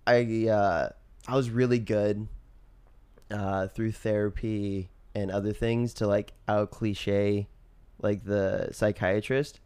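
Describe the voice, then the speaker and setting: A young man chats loosely on a podcast, his voice sitting on the low side. He rambles, restarts his sentences and leans on fillers, with easy laughs along the way. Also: flat delivery, slow pace, a little mellow, clear, resonant tone. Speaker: podcast co-host. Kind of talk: casual chat.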